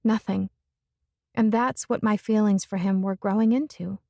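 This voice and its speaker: A woman narrating a first-person romance audiobook in a measured, introspective way. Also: mid-range voice, steady tone, gravelly, dark tone, no echo, studio quality.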